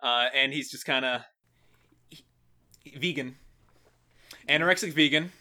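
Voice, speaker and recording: A man's voice: medium pitch, a little slow, sharp tone. A man brainstorming story ideas in casual chat, easygoing, laughing a lot and tripping over his words.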